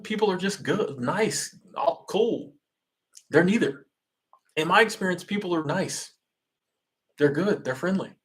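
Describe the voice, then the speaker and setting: A man from Florida, hosting a casual livestream and answering chat in a loose, rambling way full of restarts. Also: fairly high pitch.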